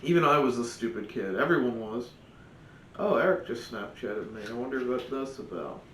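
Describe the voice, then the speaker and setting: A man's voice: lively intonation, normal speed, fairly bright tone. A man co-hosting a podcast in a loose, joking casual chat, swearing now and then. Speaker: podcast co-host. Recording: echoey room, far from the mic, faint rumble.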